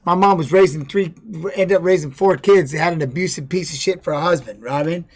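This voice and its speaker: A man's voice: fairly high pitch, fast talker. A middle-aged man telling his life story casually on a livestream, blunt and profane, often restarting and adding "you know what I mean". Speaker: former fighter streaming to viewers.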